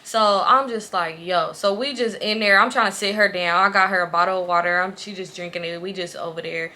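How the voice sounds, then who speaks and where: A woman in her late twenties, a vlogger telling a storytime tale, profane and animated. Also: medium pitch, fairly quick. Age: late 20s. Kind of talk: casual storytime.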